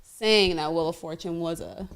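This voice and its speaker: A woman's voice: on the low side, normal speed, smooth. A woman, a guest on a casual podcast, playful and teasing. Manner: playful, teasing, contradicts the others.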